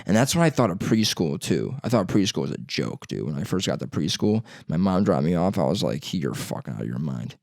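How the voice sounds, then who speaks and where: A man's voice: low-pitched, big pitch swings, fairly quick, vocal fry, hardly any pauses, darkish tone, dry recording, clean studio sound. A young man telling profane, rambling stories in a casual podcast chat. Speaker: podcast host.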